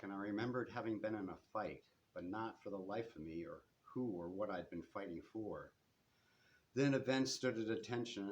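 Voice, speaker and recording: A man, the author, reading his first-person novel aloud in a bookstore with measured storytelling and shifting pace. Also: fairly low pitch, darkish tone, dull audio, a little hiss or hum.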